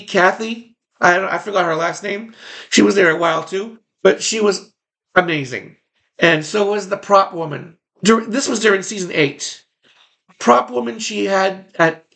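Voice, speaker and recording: Reminiscing casually about once working as a background extra, a man rambles and repeats phrases to stress them. He has a high voice with vocal fry and a fairly bright tone.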